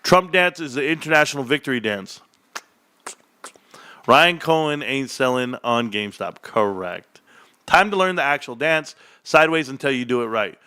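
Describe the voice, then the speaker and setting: A man hosting a casual livestream, reading chat aloud and joking, with sudden loud, high-pitched bursts. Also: moderate pace, clean tone, dry recording. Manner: animated, jokey, swings into loud high bursts.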